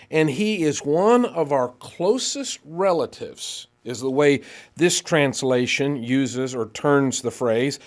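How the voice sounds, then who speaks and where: A man leads a Bible class in a church, reading scripture aloud and explaining it. His voice sits a little high, and he grows animated, hurrying when excited before checking himself to slow down. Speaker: preacher.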